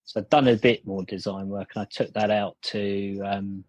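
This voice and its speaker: A man's voice: lowish voice, flat delivery, moderate pace, a little mellow, no echo. Man, rambling anecdote, lots of fillers and laughs, dry close sound. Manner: rambling, many fillers and restarts, laughs often. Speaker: guest, company founder. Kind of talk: casual storytelling over a call. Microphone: video call.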